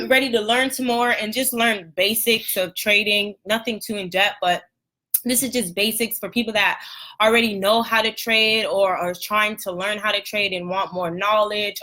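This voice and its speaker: A young woman with a scratchy throat teaching trading basics on a live stream, chatty and apologetic, clearing her throat often. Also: mid-range voice, bright, forceful tone. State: hoarse, throat irritated after a run. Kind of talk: casual live lesson.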